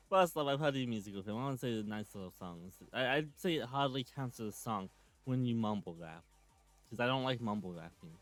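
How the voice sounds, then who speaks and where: A man's voice: medium pitch, expressive, a little fast, a bit bright, soft background music. A man in his twenties giving a sarcastic, swearing rant while commenting on clips. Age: 20s. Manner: sarcastic, ranting, swears often. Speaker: commentary channel host.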